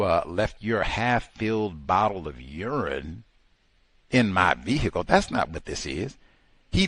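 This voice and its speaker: A man's voice: fairly low pitch, fairly bright tone, dry recording. A man hosting a talk show, giving impassioned, emphatic commentary full of exclamations and rhetorical questions. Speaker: host.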